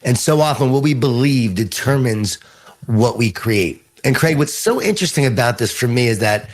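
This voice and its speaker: A middle-aged man with a Long Island New York accent, a guest author telling earnest, animated stories in an interview. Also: medium pitch, moderate pace. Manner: earnest, animated storytelling with repeated phrases. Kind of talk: storytelling interview answers.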